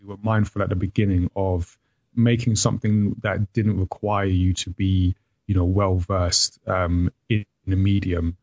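A British man with a low, dry voice that barely rises or falls. He talks in a relaxed, hesitant way, full of "um" and "like". The sound is dull and lo-fi. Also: unhurried, dry recording. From Britain. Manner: relaxed, hesitant, many fillers. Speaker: guest, manga publisher. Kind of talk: casual interview.

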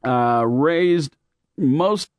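A man from Louisiana and Oklahoma telling stories in a relaxed, rambling way, laughing often between thoughts. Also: a little high, extremely slow, no echo, clean studio sound. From born in Louisiana, raised mostly in Oklahoma. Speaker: guest with radio and theater background. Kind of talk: casual chat.

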